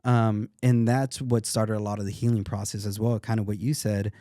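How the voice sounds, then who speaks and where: A man's voice: lowish voice, little pitch movement, normal speed, mellow, no echo, studio quality. A man in his thirties, a podcast guest, talking earnestly and reflectively, often restarting his sentences. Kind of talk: casual interview talk.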